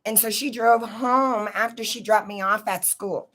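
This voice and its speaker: A woman's voice: a little high, fairly even intonation, a little slow, a bit bright. A woman telling a personal story in a casual, rambling way, swearing freely and often checking in with her listeners. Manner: profane, rambling, keeps asking "right?".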